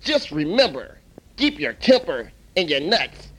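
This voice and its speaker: A man voicing a calm old male restaurant elder who talks slowly and soothingly and hums between phrases. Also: fairly high pitch, heavily acted, rough recording.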